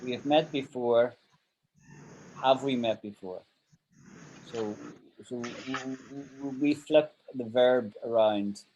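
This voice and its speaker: A man's voice: mid-range voice, takes it slowly, long pauses, mellow, muffled recording, a little hiss or hum. Patient male English teacher on a call. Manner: patient, explains through example sentences and checks understanding. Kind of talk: online grammar lesson.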